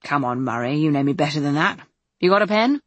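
Woman voicing a wry male crime officer, teasing, low voice, dry booth sound. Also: animated, brisk, no echo.

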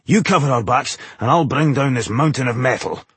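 A man voicing a gruff, battle-hungry male dwarf warrior with a growling, cranky manner. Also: on the low side, lively intonation, moderate pace, a bit bright, dry recording, heavily acted. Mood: eager.

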